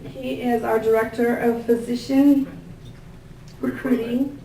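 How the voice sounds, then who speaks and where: A woman giving a thank-you speech at a gathering, introducing guests with warm, gushing words and many fillers. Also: a little high, flat delivery, slow. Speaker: event organizer introducing staff and guests. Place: large indoor room with tables. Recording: echoey room, picked up from a distance, faint ambient noise.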